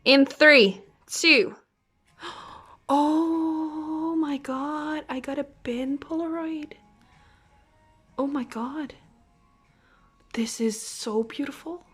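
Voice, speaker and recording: A young woman with a fairly high voice talks through an unboxing in a slow, drawn-out way. She counts down and gasps at each reveal, then often drops into soft whispers. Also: soft background music. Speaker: vlogger unboxing albums. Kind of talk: excited unboxing vlog chat.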